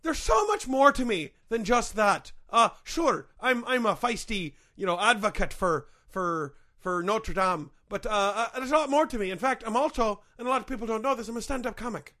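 A man putting on a feisty Irish mascot with a thick stage accent, his voice high and bright and swinging widely in pitch. He starts out chummy, then tips into loud, bitter rants. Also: lively intonation, normal speed, few pauses. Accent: put-on Irish. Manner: starts chummy, turns into shouting grievance rants.

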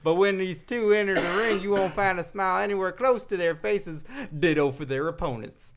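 A man's voice: high-pitched, brisk, voice pushed up. A man voicing a showy announcer with an American Southern accent, reading a trading card aloud. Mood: hammy.

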